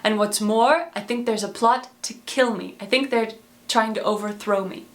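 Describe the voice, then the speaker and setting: A woman's voice: a little high, moderate pace, lightly acted. A woman voicing a jealous, raging male king who accuses and commands. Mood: suspicious.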